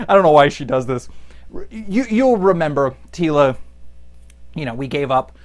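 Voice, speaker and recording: A man's voice: high voice, big pitch swings, moderate pace. A young man comically recapping a comic book, sarcastic and rambling, slipping into goofy voices for the characters. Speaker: podcast host recapping a comic. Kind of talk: comedic recap with acted-out voices.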